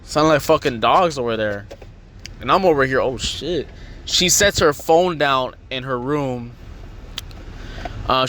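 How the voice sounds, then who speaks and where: A man's voice: medium pitch, fairly bright tone. A young man hosting a podcast, telling a long story in a rambling way and swearing often. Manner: rambling, swearing, acts out voices. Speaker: podcast host. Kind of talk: casual storytelling.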